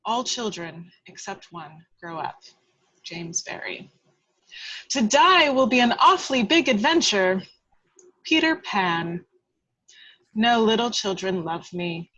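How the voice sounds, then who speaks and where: A woman's voice: mid-range voice, slightly rough, no echo, muffled recording. Woman reading stage directions aloud. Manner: measured, expressive reading. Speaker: narrator reading action lines. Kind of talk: table read narration.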